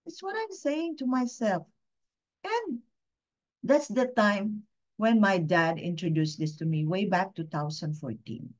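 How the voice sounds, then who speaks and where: A woman gives a heartfelt testimony to a training audience, earnest and confiding, stopping often to put questions to her listeners. Her voice sits at a middling pitch, and the recording sounds a little dull and lo-fi. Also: slow. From Philippines. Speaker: guest speaker at a training session. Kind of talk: personal testimony talk.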